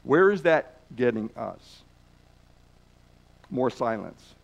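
A man teaching a lesson through a story, with dramatic pauses and restarts. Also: mid-range voice, sing-song, vocal fry, dull audio. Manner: repeats words while telling. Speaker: Bible teacher.

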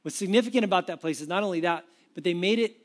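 A man preaching a sermon with animated, conversational storytelling. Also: high-pitched, fast. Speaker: pastor.

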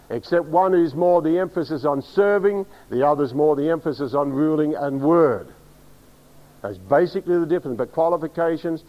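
A man's voice: on the high side, muffled recording. A pastor preaching a teaching sermon, emphatic and direct, often asking his congregation to agree. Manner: emphatic, spells words out, asks the congregation.

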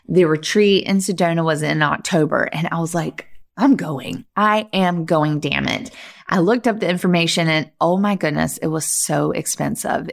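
A middle-aged woman hosts a podcast and tells her own story in a low-pitched voice with a gravelly fry. She is earnest and animated and leans on "like" as she talks. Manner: earnest, animated, many "like" fillers. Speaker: podcast host. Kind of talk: personal storytelling monologue.

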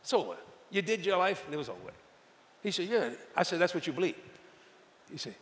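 An older man preaches in a story-telling style, his fairly high voice swooping up and down as he acts out the characters. The sound carries a long reverb from a large hall, with faint ambience behind him. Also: brisk, long pauses. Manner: folksy, animated, acts out quoted voices. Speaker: evangelist. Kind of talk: storytelling sermon.

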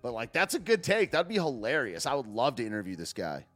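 A man's voice: medium pitch, wildly swooping pitch, a little fast, fairly bright tone, soft background music. A man rambling through casual live commentary with many fillers and restarts. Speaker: political commentary streamer.

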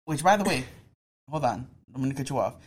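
A man jokes around in casual conversation and swears freely. He talks quickly and cuts in with short, blunt remarks. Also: medium pitch, expressive, slightly rough. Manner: joking, heavy swearing, quick interjections. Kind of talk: casual chat.

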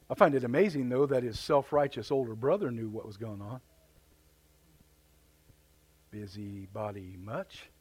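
A man preaching a live sermon in a church, fervent and repeating words as he builds his points. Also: sits high. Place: church sanctuary.

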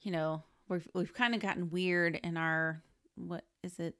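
A woman co-hosting a podcast, chatting casually about a movie and chiming in with relaxed comments. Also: fairly low pitch, unhurried. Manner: relaxed, laughs along, chimes in with short comments. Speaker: podcast co-host.

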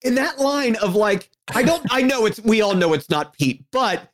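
Animated, enthusiastic film-chat voice. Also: mid-range voice, normal speed. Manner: enthusiastic, rambling, swears for emphasis. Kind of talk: casual movie chat.

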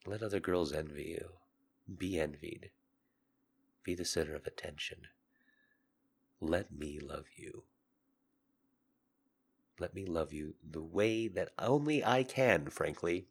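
A podcast host with a sick, hoarse voice gives an intimate, confessional monologue. His voice is low-pitched and slow with frequent pauses, and he is earnest and seductive, shifting between loud urging and soft murmurs.

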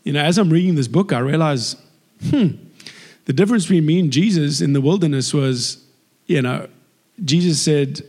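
A man from South Africa with a South African accent, giving a personal faith testimony as a lively storyteller who acts out dialogue. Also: a little high, moderate pace.

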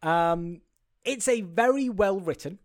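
A man with a somewhat high voice co-hosts a relaxed film discussion. He rambles, restarts his sentences and argues his opinions at length. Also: slow. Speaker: podcast co-host. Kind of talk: casual film review chat.

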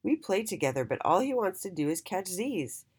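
A woman's voice: mid-range voice, big pitch swings, normal speed, darkish tone, breathy edge, voice pushed up. A woman voicing Mister Y, a sleepy, friendly male letter in a children's storybook, drawing out his words.

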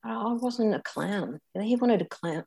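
An older Australian woman telling a personal story as an interview guest, candid and reflective, halting often and restarting. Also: mid-range voice, vocal fry, dark tone.

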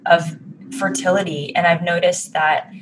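A woman in her thirties talks candidly and with feeling in a relaxed conversation, often restarting her sentences. Her voice sits a little low, and a faint hum of room ambience runs underneath. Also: a little slow. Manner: candid, emotional, frequent restarts. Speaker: guest sharing fertility experience. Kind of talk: casual podcast conversation.

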